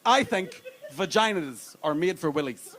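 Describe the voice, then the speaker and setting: Brash, high-voiced male stand-up comedian. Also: lively intonation, unhurried, a bit bright. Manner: brash, crude storytelling. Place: comedy club stage. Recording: live club with audience noise.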